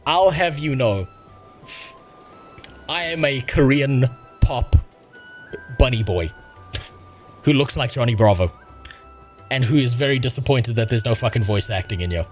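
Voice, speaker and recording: A man streams a game live and keeps up an exasperated, profanity-heavy running commentary. His voice sits at an ordinary middle pitch, and quiet game music plays beneath him. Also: animated, a little slow, pauses often.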